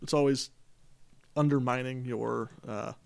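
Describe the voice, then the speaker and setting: A man's voice: medium pitch, steady tone, a little slow, creaky, no room sound. A man co-hosting a gaming podcast, chatting casually with wry, dry jokes. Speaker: podcast co-host. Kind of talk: casual chat about games.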